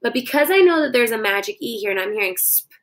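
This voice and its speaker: A woman's voice: on the high side, animated, fast, low-quality recording. A young woman teaching children a phonics dictation lesson, sounding out words syllable by syllable into her phone.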